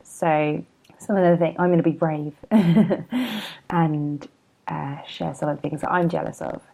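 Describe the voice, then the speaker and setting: A woman in her thirties talks through a casual solo podcast with a low, gravelly voice. She is chatty and self-deprecating, drifting into asides. Her tone is mellow and a little tired from a hangover. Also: low-quality recording. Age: 30s. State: hungover and yawning. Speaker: podcast host and blogger.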